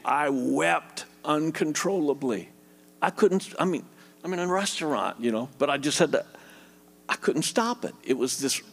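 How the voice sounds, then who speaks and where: A middle-aged man from Louisiana preaching a tender sermon and leading a closing prayer, his voice dropping soft and low as he prays. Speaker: guest preacher.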